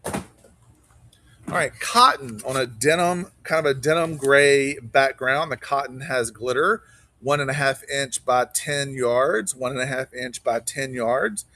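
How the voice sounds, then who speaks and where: A man's voice: mid-range voice, sharp tone. Chatty man calling auction bids. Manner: quick bid-calling, chatty, greets viewers by name. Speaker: live online auction seller. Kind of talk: casual live-stream auction patter.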